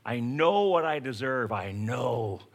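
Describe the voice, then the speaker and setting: A man's voice: mid-range voice, takes it slowly. A man preaching a sermon, telling everyday stories and acting out scenes to make his point. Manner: storytelling, animated, acts out scenes. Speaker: pastor.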